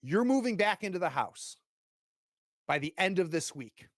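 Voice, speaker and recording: Man doing a tyrannical rich dad, loud and cutting, raised voice, dry close sound. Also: mid-range voice, expressive, a little slow, dry recording. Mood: furious. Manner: cold, commanding, shouting threats. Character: domineering wealthy older father, cruel and angry.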